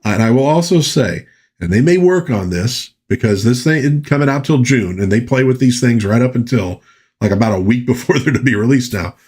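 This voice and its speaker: A man with a slightly husky voice rambles through casual pop culture chat as the show's host. His pitch rises and falls a lot as he talks, and he keeps drifting into folksy asides. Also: lively intonation, brisk, darkish tone. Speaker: podcast host.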